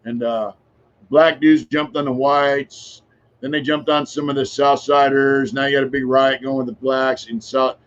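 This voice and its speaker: A man's voice: medium pitch, level tone, moderate pace. Older man telling stories, muffled audio. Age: around 60. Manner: rambling and frank, with frequent filler phrases and swearing. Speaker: podcast guest. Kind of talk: casual conversational storytelling.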